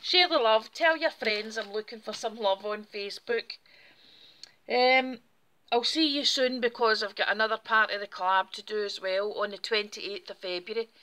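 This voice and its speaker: Woman hosting a craft demo; friendly, chatty delivery with a bright, clear edge. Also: a little high, normal speed. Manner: chatty, friendly, explaining step by step. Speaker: craft channel host. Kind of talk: casual craft tutorial.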